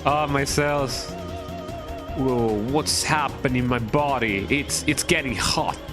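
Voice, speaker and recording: A man's voice: mid-range voice, slow, over music, natural voice. A man voicing a tough young female cop in a put-on New York accent, hammy and tacking "eh?" onto lines. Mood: alarmed.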